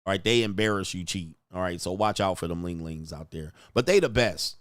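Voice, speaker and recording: A man's voice: deep voice, expressive, a little fast, a bit bright, no room sound, studio quality. A man hosting a livestream, ranting crudely and rambling, constantly saying "all right" between points. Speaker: livestream host. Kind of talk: casual livestream rant.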